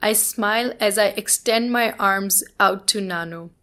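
Slow, measured woman reading her story. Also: medium pitch, bright, forceful tone. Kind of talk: first-person story reading.

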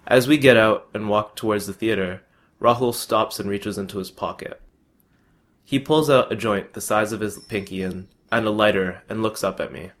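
A man's voice: fairly low pitch, moderate pace, a bit bright. A young man reading his own first-person story aloud in a plain, matter-of-fact way.

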